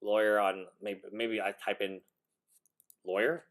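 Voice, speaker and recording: A man's voice: on the low side, little pitch movement, unhurried, fairly bright tone. A man, a lawyer, giving live reaction commentary, incredulous and laughing, rambling with restarts.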